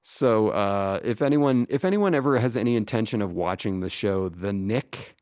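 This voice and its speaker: Middle-aged guy on a comedy podcast, lowish voice, dead dry sound, wry and laughing a lot. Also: animated, darkish tone, no room sound. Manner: wry, enthusiastic, quick to laugh. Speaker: podcast co-host. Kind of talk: casual comedy chat.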